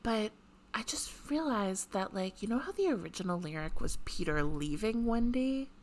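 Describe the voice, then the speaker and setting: A woman co-hosting a casual podcast chat, talking with lots of "like" fillers and breaking into sudden excited bursts. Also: mid-range voice, normal speed, slight background noise. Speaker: podcast co-host.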